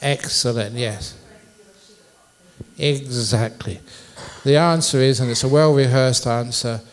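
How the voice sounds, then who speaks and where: A man's voice: mid-range voice, slow. A man, a Buddhist monk, giving a public dharma talk in a university hall, a playful storyteller who jokes with his audience.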